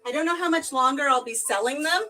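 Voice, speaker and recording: Chatty, slightly high-voiced woman vlogger, live-stream chat while tidying. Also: fast talker, pushed and bright, faint music behind, poor audio. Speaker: craft vlogger.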